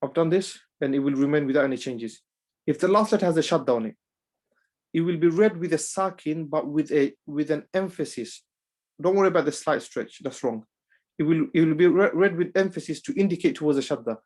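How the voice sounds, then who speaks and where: A man teaching Quran recitation rules in a class, halting and full of restarts, driving each rule home by repeating it. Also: a little high, darkish tone. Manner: drills rules through repetition. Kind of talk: online class lesson.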